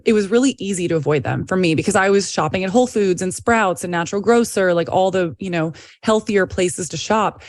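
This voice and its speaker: A woman's voice: mid-range voice, dry recording, clean studio sound. A woman hosting a podcast, reacting with short supportive remarks and then leading into a question in easy casual talk. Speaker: podcast host. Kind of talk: casual interview chat.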